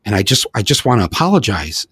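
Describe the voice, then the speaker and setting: A man hosting a casual political conversation, telling a personal story with animated swings, his voice climbing high when excited. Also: fast talker, breathy edge, no echo.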